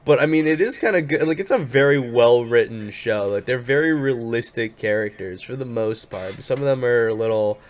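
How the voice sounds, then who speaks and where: Male guest, casual podcast chat, mid pitch, dry teasing, offhand. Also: normal speed, few pauses. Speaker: guest streamer.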